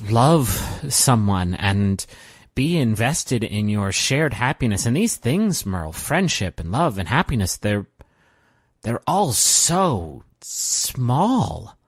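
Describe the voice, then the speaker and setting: A man voicing a weary male immortal, musing slowly with halting restarts. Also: medium pitch, dry recording. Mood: brooding. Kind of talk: in-character role-play.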